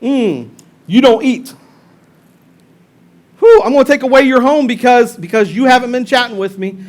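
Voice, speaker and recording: A pastor putting on the voice of a petty, scolding god who threatens to take everything away, loud and mocking. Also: male voice, extremely high pitch, normal speed, voice pushed up.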